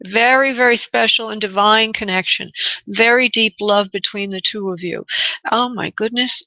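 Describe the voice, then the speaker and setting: A woman hosting a call-in radio show as a spirit medium. She talks in a halting, searching way with many restarts and calls her callers honey and love. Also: fairly high pitch, pushed and bright, no echo, muffled recording.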